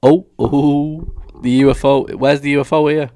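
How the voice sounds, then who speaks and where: A man's voice: fairly high pitch, moderate pace, a little mellow, a little hiss or hum. A young British man doing casual, combative reaction commentary as a streamer, swearing a lot. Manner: brash, combative, heavy swearing.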